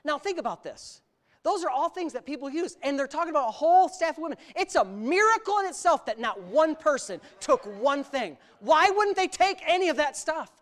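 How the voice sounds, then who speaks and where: A male pastor preaching an animated sermon, exclaiming often and laughing through his stories. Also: extremely high pitch, a little fast.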